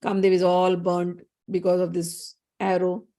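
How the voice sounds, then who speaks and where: A woman's voice: on the low side, monotone, unhurried, dark tone. A woman narrating a spiritual story in a conversational, explanatory way, with frequent restarts.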